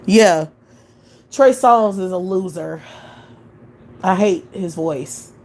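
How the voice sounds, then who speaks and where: A woman's voice: on the low side, slow, a little mellow, a little hiss or hum. A woman hosting a live stream, talking in a blunt, profane, opinionated way in casual chat.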